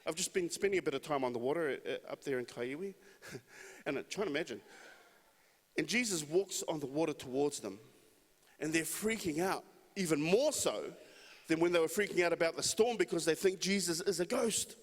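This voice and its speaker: A male pastor tells a story from the pulpit, easy and conversational. His voice sits a bit high, and a long reverb from the church hall trails after his words. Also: lively intonation, normal speed. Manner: conversational, storytelling with acted quotes. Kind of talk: sermon.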